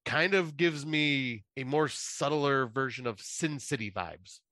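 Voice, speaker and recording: Bright, rambling male podcast host. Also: medium pitch, unhurried, no room sound. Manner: rambling, full of fillers. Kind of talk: casual chat.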